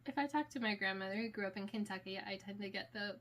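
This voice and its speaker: A woman's voice: medium pitch, fast talker, a bit bright. An American woman hosting a casual interview, asking short questions and affirming her guest. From United States. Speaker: interviewer, channel host.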